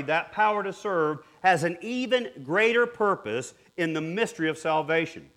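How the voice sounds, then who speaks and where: A man preaching a sermon earnestly, dropping to hushed tones and rising to emphatic peaks. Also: mid-range voice. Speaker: pastor.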